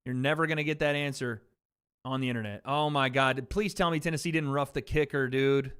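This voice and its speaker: Bright, profane streamer man. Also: mid-range voice, fairly even intonation, a little fast, clear, resonant tone. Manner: blunt and profane, riffing on chat. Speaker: livestream host. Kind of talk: casual watch-party commentary.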